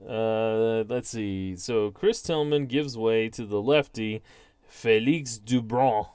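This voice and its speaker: A man's voice: fairly low pitch, slow, darkish tone, clear, resonant tone, dry recording. A man hosting his own channel, calling a tabletop baseball simulation play by play. He reads out each dice result, then narrates it like a broadcaster, with the odd self-deprecating aside. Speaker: host.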